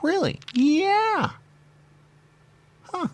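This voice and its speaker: A man's voice: very high voice, sing-song, very slow. A man trading absurd, playful comedy banter, with some whispered asides.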